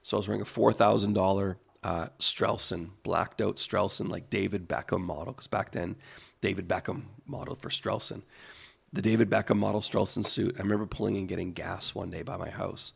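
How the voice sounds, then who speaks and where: A man in his forties co-hosting a podcast, telling a personal story slowly, with pauses and repeated phrases. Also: low voice, fairly even intonation, vocal fry, husky. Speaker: podcast co-host. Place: podcast studio.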